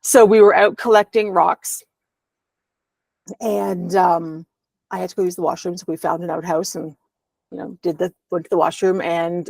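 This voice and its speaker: A woman's voice: lowish voice, gravelly, no echo. A woman, a podcast guest, candidly telling a personal story at home over a video call, with a rambling flow and frequent ums.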